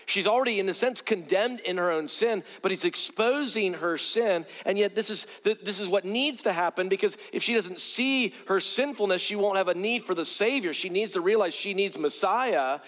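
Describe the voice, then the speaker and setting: A man's voice: high voice, normal speed, hardly any pauses, a bit bright. A man preaching a sermon, earnest, often repeating words as he starts a phrase. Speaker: pastor. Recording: long hall reverb.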